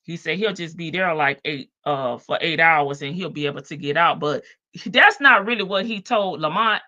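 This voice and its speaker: A woman's voice: deep voice, moderate pace, bright, forceful tone, no echo, highs cut off. A woman hosting a live stream, giving sassy casual commentary on jail calls and answering chat. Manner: sassy, talks back to chat, laughs often.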